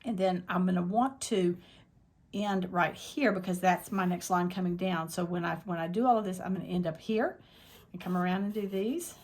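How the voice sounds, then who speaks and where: A woman's voice: fairly low pitch, normal speed, a little mellow. A woman teaching a quilting tutorial, talking step by step through what she is doing in a plain, practical way, thinking aloud as she goes. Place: quilting workspace at a longarm machine.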